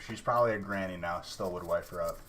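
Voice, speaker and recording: A man with a somewhat low voice hosts a live card-opening stream and jokes and teases back at his chat. The crinkle of wrappers and shuffling cards comes through clearly behind him. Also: quick pace, heavy background noise. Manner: joking, teasing chat viewers. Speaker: livestream card breaker. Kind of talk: casual live-stream banter.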